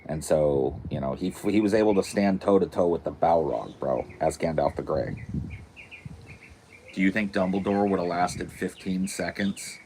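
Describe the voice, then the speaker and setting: A man's voice: low voice, moderate pace, mellow, a little hiss or hum. A man co-hosting a podcast, chatting casually in loose, joking, slangy banter. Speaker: podcast co-host. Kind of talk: casual chat.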